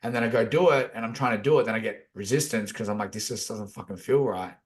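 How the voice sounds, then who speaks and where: A man's voice: lowish voice, quick pace. A man chatting casually on a podcast, laid-back, swearing a lot as he talks about feelings and energy. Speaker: podcast co-host. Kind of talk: casual chat.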